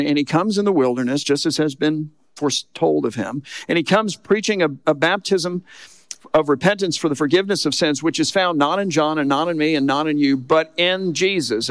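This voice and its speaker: A man preaching a sermon with a raised voice that has a gravelly edge. He talks in a conversational way and leans hard on key points. The sound is close and dry, with no room echo. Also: a little high, brisk. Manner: conversational, emphatic preaching with frequent "look" and "okay". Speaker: pastor.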